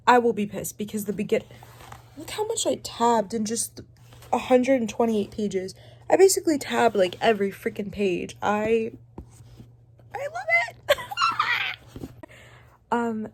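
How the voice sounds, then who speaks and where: Gushing, excitable young woman vlogger. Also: mid-range voice. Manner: gushing, excitable, emotional swings. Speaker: book vlogger. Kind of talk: casual reading reaction vlog.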